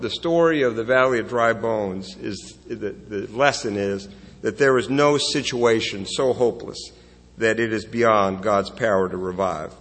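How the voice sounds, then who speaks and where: A man preaches a sermon in an earnest, conversational manner, full of rhetorical questions and small restarts. His voice is husky and mid-pitched. It rings out with the long reverb of a church sanctuary. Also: a bit bright. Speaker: pastor.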